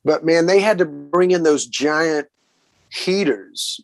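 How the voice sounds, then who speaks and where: A man with a Southern US accent, a guest musician, telling road stories in a relaxed, casual way and often saying "man". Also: on the high side, slow pace. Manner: relaxed, says "man" a lot, acts out quoted voices. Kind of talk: casual storytelling interview.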